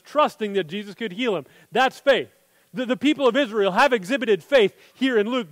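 Male pastor, high voice, earnest sermon delivery, long reverb tail. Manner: earnest preaching, drops to a hushed voice when quoting scripture.

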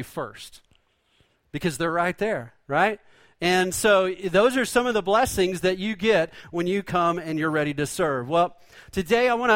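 A man's voice: high voice, a bit bright, dry recording. A man preaching a sermon in a folksy, conversational way, full of rhetorical questions. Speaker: pastor.

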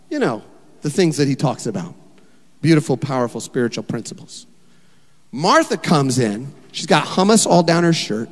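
A male pastor preaches in an animated, emphatic manner and keeps throwing rhetorical questions at the room. His voice sits somewhat high for a man. Long reverb rings through the church hall. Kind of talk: sermon.

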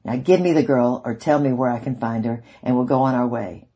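A man's voice: medium pitch, normal speed, dark tone, husky, dull audio. A man reading aloud, voicing an arrogant, domineering older man with a snide, haughty manner.

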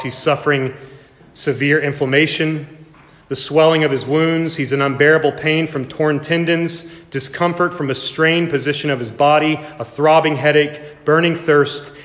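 Male preacher, higher-pitched, dramatic swells and hushes, roomy echo. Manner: dramatic preaching, swells high and loud then drops to a hush. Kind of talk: sermon.

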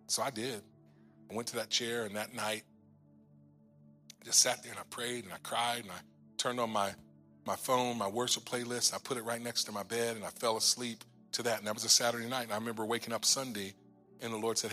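A man in his forties tells a personal testimony to a church congregation. His voice is bright and forward, and he acts out each exchange as he tells it. His tone sinks low and quiet at the emotional turns, with soft music faintly underneath. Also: little pitch movement, fast. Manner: storytelling, acting out his own lines and others' in the retelling. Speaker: guest minister.

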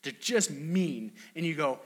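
A man's voice: on the high side, animated, measured pace. A man preaching a sermon in a conversational, storytelling way, with many restarts and acted quotes. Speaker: pastor.

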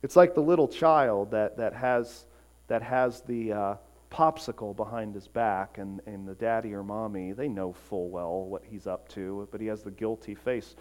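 A man preaching a sermon, earnest, swinging from emphatic peaks to quiet, soft passages. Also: lowish voice, fairly even intonation, moderate pace. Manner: acts out short voices in quotes. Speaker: pastor.

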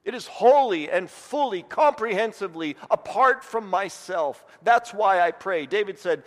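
Male pastor from Indiana, high voice, earnest sermon delivery with repeated words, echoing hall. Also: lively intonation, normal speed, few pauses. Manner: earnest, repeats words when building a point.

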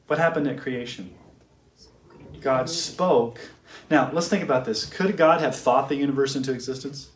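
Male lecturer, middle pitch, roomy echo, asks and answers his own questions, slow emphatic stress. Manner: asks questions, then answers them himself; stresses key words slowly and emphatically. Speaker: teacher. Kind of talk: classroom theology lecture. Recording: echoey room.

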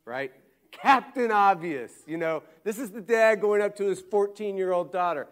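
A male pastor preaching conversationally, acting out Bible voices with lively emphasis. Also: sits high, moderate pace. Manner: animated, conversational, acts out quotes. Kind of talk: sermon.

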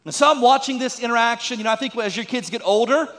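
High-voiced pastor preaching in echoing hall. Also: male voice, fast talker, fairly bright tone. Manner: folksy, joking asides with audience prompts. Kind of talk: sermon.

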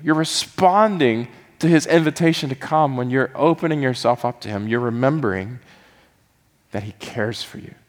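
A man's voice: mid-range voice, normal speed, big-room sound. A man preaching a sermon as pastor, earnest and building into fervent, pleading prayer.

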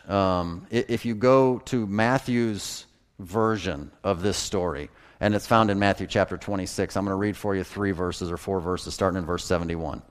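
A man preaching a sermon as a pastor, folksy and animated, chuckling at his own jokes. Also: lowish voice, normal speed.

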